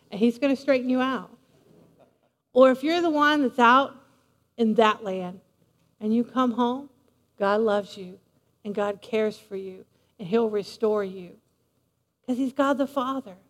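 A woman preacher giving a lively, playful sermon, speaking straight to her congregation in a large church hall. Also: a little high, a little slow, long pauses. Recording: long reverb of a large hall.

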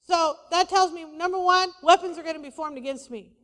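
A woman pastor preaching a sermon, lively and conversational, with playful asides to the congregation. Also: extremely high pitch, a little fast. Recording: long hall reverb.

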